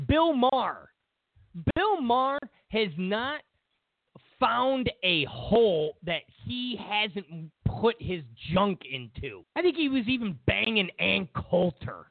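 A man's voice: sits high, very animated, takes it slowly, gravelly, no echo, narrow, tinny audio. A man hosting a political commentary show, ranting sarcastically and exasperatedly, repeating himself as he mocks the news.

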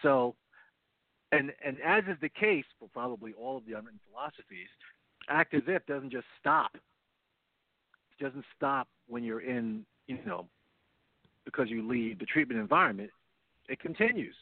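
With a gravelly, medium-pitched voice that swings widely in pitch, this man talks unhurriedly and pauses often, without echo. He co-hosts a casual recovery radio show, explaining earnestly and repeating phrases, and is heard over a phone line, not his headset.

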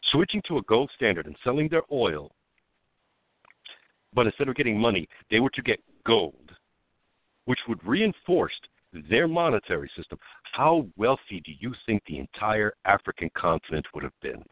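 Deep-voiced, animated talk radio man. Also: moderate pace, dry recording. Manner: animated, laughing storyteller. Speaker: radio talk show co-host. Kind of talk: political talk radio chat. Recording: phone-line quality.

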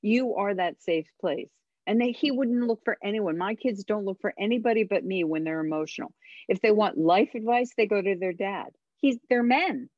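A woman's voice: mid-range voice, normal speed, dry recording, dull audio. A woman parenting coach giving earnest, encouraging advice as a guest on a radio interview. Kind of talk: radio interview over a call line.

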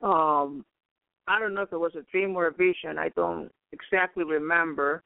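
High-voiced man preaching over a tinny line. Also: fairly even intonation, moderate pace, vocal fry, no room sound. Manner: rambling, peppered with praise interjections. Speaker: radio preacher. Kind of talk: radio sermon testimony. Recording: tinny phone-like radio line.

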